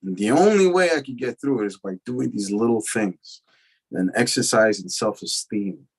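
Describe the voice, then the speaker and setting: A man giving a casual, profane recovery talk, telling his story with animated acted-out quotes. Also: fairly low pitch, moderate pace, slightly rough, rough recording. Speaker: recovery lecture speaker.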